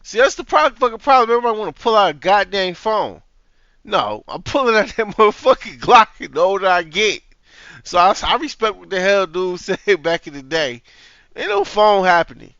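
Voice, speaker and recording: A man's voice: high voice, big pitch swings, normal speed, bright, forceful tone, no room sound, dull audio. Heated, profane man reacting animatedly. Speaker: reaction video host. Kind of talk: casual reaction commentary.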